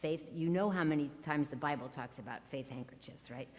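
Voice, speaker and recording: Lady pastor giving a sermon, wry and sarcastic, kinda low voice, church echo. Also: a little fast, a little mellow. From Ohio. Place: church sanctuary. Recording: long church reverb.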